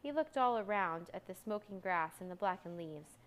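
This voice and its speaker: A woman reading a children's storybook aloud in a calm, steady way. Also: lowish voice, moderate pace.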